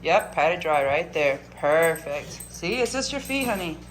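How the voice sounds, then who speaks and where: A woman dog vlogger chatting casually, coaxing her dog in a soft voice and telling the story in lively slang. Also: sits low, normal speed. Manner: animated, swearing slang. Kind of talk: casual vlog chat.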